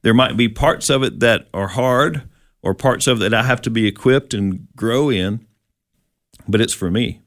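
A man's voice: medium pitch, moderate pace, fairly bright tone, no echo, clean studio sound. A man leading a conversational Bible teaching, explaining step by step and asking his listener questions.

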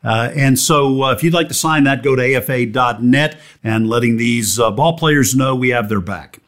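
A man's voice: medium pitch, moderate pace, a bit bright. A man with a mid-range voice closes out a talk radio segment. He speaks plainly, with a few fillers along the way. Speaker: radio show host.

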